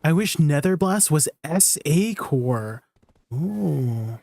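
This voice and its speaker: A man's voice: a little high, lively intonation, slow pace, creaky, a little mellow, no echo. A man chatting casually to viewers while streaming a game, rambling with lots of fillers and restarts. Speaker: gaming streamer. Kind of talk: casual gameplay stream chat.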